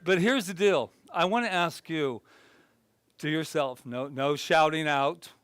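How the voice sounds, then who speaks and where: A man's voice: a little high, measured pace, smooth, no room sound, studio quality. Chatty, playful male minister. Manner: animated and chatty, then drops soft and reflective; self-deprecating humor. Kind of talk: conversational sermon. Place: spiritual center gathering.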